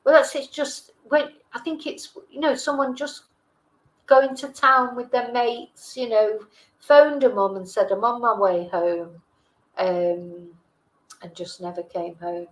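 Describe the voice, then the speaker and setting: A woman's voice: fairly high pitch, takes it slowly, poor audio. A middle-aged woman from England hosting a live stream, chatting casually and reading out viewer comments, with frequent hesitations and self-corrections. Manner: rambling, hesitant, many fillers and self-corrections. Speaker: livestream host.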